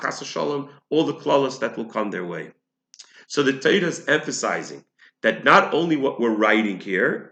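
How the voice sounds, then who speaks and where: A man's voice: mid-range voice, sharp tone, reverberant. A man giving a lesson on a religious text, explaining it step by step, often restarting and restating his points. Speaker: Torah teacher.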